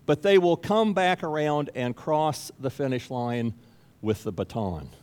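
A man's voice: fairly high pitch, lively intonation, unhurried, a little mellow. A man preaching a sermon as pastor, speaking emphatically and repeating key phrases for stress. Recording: long reverb of a large hall.

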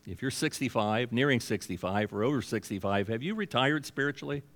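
A pastor in his sixties preaching a sermon. He talks conversationally and moves easily into acted-out exchanges. His voice sits at a medium pitch for a man. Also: animated, a little fast, in a large hall. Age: 60s.

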